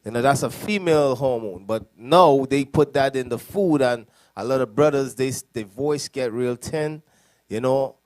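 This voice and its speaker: A man's voice: mid-range voice, moderate pace, darkish tone, no room sound. A young man serving as a deacon, speaking loosely and conversationally in a classroom, laughing at his own jokes. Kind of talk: classroom teaching.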